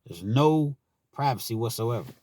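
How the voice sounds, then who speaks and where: A man from Richmond, Kentucky, in the US, shares laid-back, candid prison stories in a casual monologue, often punctuating sentences with "man." His medium-pitched voice has lively intonation and a dark tone, at a normal speed.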